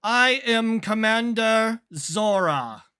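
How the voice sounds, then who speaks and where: A woman's voice: a little high, expressive, slow pace, bright, forceful tone, clear, resonant tone, pitched above the performer's own voice, exaggerated voice. Man putting on a stern female starship commander. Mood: commanding. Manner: commanding, clipped formal speech.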